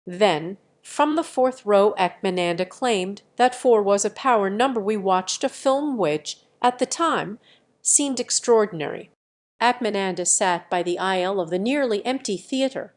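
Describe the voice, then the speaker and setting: A woman narrating a memoir as an audiobook, in an even, steady reading voice. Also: medium pitch.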